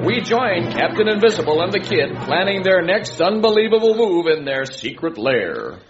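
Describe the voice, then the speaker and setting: A man's voice: high-pitched, sing-song, normal speed. A man announcing a mock adventure serial in a grand announcer manner. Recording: lo-fi with music and crowd.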